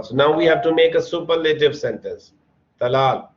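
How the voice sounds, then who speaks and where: Over a video call, a man with a slightly high voice teaches English grammar at a normal speed, patiently explaining and spelling out words letter by letter. His computer mic yields dull, lo-fi call sound.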